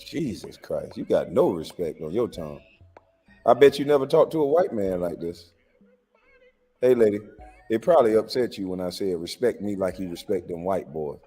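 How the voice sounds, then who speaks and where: A man's voice: low-pitched, lively intonation, moderate pace, dark tone, husky, long reverb tail, faint music behind. A man hosting a livestream, reacting to clips in a casual, incredulous and lecturing way with lots of rhetorical questions. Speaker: livestream host.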